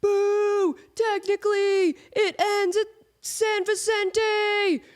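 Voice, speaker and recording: A woman with a nasal voice from a cold, voicing a nitpicky heckler in a crowd who jeers and shouts in drawn-out words. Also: level tone, exaggerated voice. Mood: jeering. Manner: shrill, jeering, drawn-out shouting.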